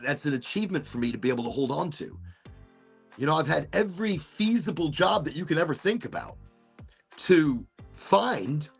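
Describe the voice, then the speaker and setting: Guy hosting a podcast, gravelly and kinda raspy, swings his pitch all over while he muses. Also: a bit bright. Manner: rambling, musing, casual swearing. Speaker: podcast host. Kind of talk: casual reflective monologue.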